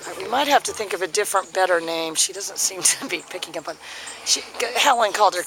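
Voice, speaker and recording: A woman dog trainer giving casual instructions while filming, with her voice worn from overuse, breaking into high singsong praise for the dog. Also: expressive, fast, background noise. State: losing her voice.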